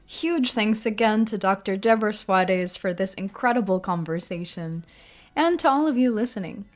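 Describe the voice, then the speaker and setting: A woman co-hosts a teaching podcast with eager, enthusiastic banter. She speaks at a mid pitch in easy, casual conversation. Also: lively intonation, normal speed. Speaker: podcast co-host.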